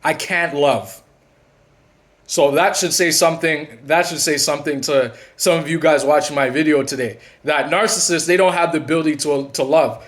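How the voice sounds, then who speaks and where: A man with a fairly high voice talks straight to his viewers in a loose, unscripted monologue. He keeps restarting his sentences and repeating words. When he retells past conversations he drops lower and quieter. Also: fairly even intonation, a little fast, few pauses. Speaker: channel host and narcissism coach. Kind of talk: casual talking-to-camera monologue.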